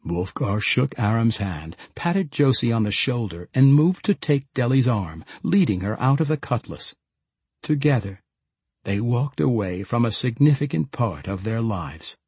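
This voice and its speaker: A man reading a fantasy novel aloud as an audiobook narrator, with measured, steady storytelling. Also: medium pitch, husky, no room sound.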